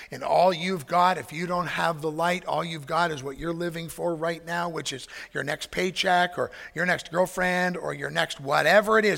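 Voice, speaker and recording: A man's voice: fairly high pitch, steady tone, normal speed, creaky, few pauses, fairly bright tone, in a large hall. A male pastor preaching a sermon in a conversational way, mixing anecdotes with scripture.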